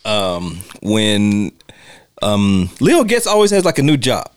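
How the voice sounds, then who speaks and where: A man's voice: fairly low pitch, wildly swooping pitch, slow, no echo. A man co-hosting a casual film commentary podcast, recounting scenes and quoting lines. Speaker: podcast co-host.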